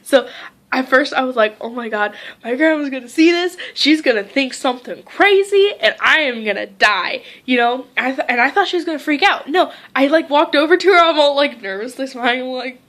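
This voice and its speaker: A teenage girl vlogging casually, rambling through a story with lots of "like" and quoting people in lively voices. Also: high-pitched, fairly quick. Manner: heavy use of "like".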